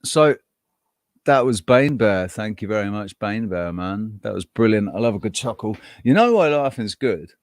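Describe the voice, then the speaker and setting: A man hosting a casual chat, relaxed and quick to laugh. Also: lowish voice, dry recording. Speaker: host.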